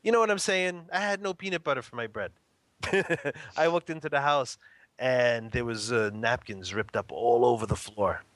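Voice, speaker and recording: A man in his thirties, a guest in an interview, telling a family story in a casual, lively way, laughing often and acting out quotes. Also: mid-range voice, normal speed, no room sound.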